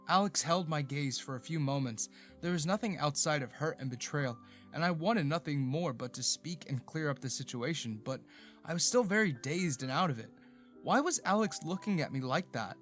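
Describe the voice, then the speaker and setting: A man reads a first-person romance story in a steady storytelling voice. His pitch sits a little high, and faint background music runs underneath. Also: moderate pace. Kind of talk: scripted first-person narration.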